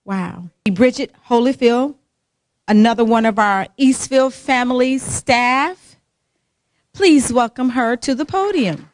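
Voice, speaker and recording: A woman's voice: on the high side, slow, no echo, studio quality. A woman hosting a campus read-in, effusive and exclamatory, gushing over each reading. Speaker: event emcee. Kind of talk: emotional event hosting.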